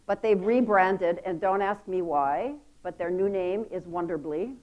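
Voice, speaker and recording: A woman's voice: lowish voice, measured pace, highs cut off. A woman giving a conference talk, telling a story with playful asides and laughter. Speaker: conference speaker. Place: conference hall.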